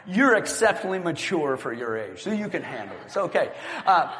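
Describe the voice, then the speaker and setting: A middle-aged pastor preaches a sermon in a large hall, his voice a little high and his pace brisk. At times he's animated and exclamatory, then he drops into a quiet, prayerful tone.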